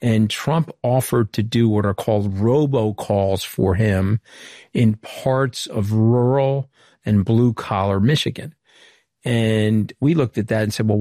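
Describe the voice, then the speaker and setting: A middle-aged man from Long Island talks in a fairly low voice, earnest and anecdotal, retelling old conversations at length. The sound is close and dry, with no room around it. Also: measured pace, dark tone, dry recording. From Long Island, New York. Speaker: former political communications director. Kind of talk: candid interview storytelling.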